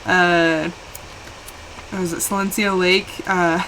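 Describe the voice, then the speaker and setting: A woman chatting casually while live-streaming a game, rambling and quick to laugh, switching between hushed asides and excited bursts. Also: lowish voice, a little hiss or hum, rough recording.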